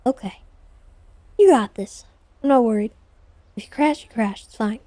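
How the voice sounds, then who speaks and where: Brief: twenties woman, mellow tone, easygoing rambling talk during a roleplay patrol. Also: a little high, moderate pace, no room sound. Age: 20s. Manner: relaxed, rambling explanations with fillers. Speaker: streamer playing a police officer. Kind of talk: casual chat during roleplay.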